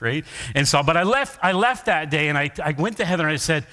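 A middle-aged male pastor preaching in a casual, storytelling way, teasing the congregation now and then. His voice sits a bit higher than most men's. The sound rings out with a long hall reverb. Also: very animated, brisk, hardly any pauses, sharp tone. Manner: conversational, jokes with congregation. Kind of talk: sermon. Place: church sanctuary.

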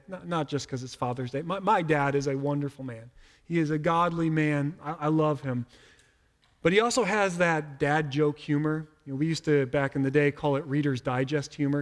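In a large hall whose long reverb lingers after every phrase, a middle-aged pastor delivers a relaxed, conversational sermon. He tends to stumble and repeat words when starting a thought, and his voice sits a little high for a man.

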